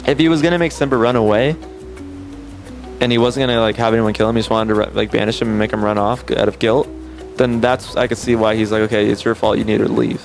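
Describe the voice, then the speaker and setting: A man retelling a film scene by scene in an animated, emphatic way, often restarting his sentences. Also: mid-range voice, fast, faint music behind. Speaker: film reviewer. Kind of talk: casual scene-by-scene movie recap.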